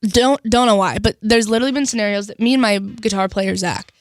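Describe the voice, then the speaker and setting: A woman's voice: medium pitch, brisk, no echo, studio quality. A young woman, a singer guest, chatting casually in a radio interview, bubbly and full of "like". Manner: bubbly, lots of "like" and laughter.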